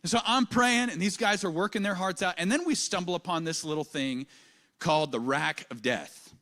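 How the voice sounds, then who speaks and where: A man preaches a church sermon, telling stories with lively swings from soft and low to loud and high. His voice sits high for a man. The tone is bright and forward. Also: moderate pace. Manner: animated storytelling, dramatic swings of pitch and loudness. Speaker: pastor. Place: church auditorium.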